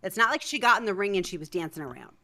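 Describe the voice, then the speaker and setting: A woman's voice: mid-range voice, lively intonation, rapid-fire, pushed and bright. A woman on a podcast, speaking frankly and arguing her point in casual chat.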